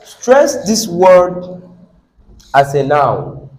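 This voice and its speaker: A Nigerian man teaching an English class, quizzing students and repeating words slowly. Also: high voice, wildly swooping pitch, a little mellow. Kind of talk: classroom lesson. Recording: echoey classroom.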